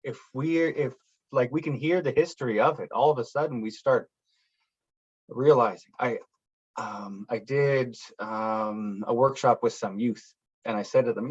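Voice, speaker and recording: A man's voice: medium pitch, normal speed, slightly rough. Rambling man telling stories, dull sound. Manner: rambling, many fillers, acts out quoted voices. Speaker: guest speaker. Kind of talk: casual talk at a speaker panel.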